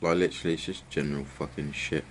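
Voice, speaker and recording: A man's voice: a bass voice, steady tone, quick pace, slight background noise. A young man, ranting casually to camera in a rambling, sweary, exasperated way. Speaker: vlogger.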